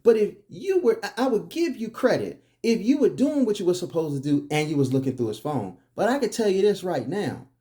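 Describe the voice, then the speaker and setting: A man's voice: sits high, sing-song, fairly quick, few pauses, mellow. A man delivering a preachy monologue, firing off emphatic, repetitive rhetorical questions. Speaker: commentary host.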